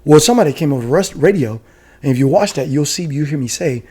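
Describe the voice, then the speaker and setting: A middle-aged man talks quickly, spinning battlefield stories with plenty of swearing and bursts of laughter. His voice sits a little high, and the delivery is loose and lively, like a podcast guest among friends. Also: husky. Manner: animated, profane storytelling with frequent laughs. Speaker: guest, retired Army special forces soldier. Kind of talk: war stories in casual podcast chat.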